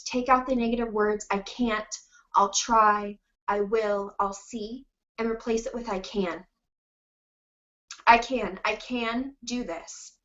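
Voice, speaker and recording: A woman's voice: mid-range voice, a bit bright, lo-fi sound. A woman giving an earnest, encouraging motivational talk to her sales team, fighting back tears as she speaks.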